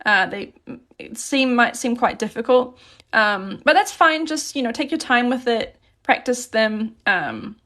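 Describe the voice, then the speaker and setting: A woman teaching a relaxed, chatty live grammar lesson and reading out questions from chat as she writes on paper at her desk. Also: on the high side, a little slow. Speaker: Korean language teacher.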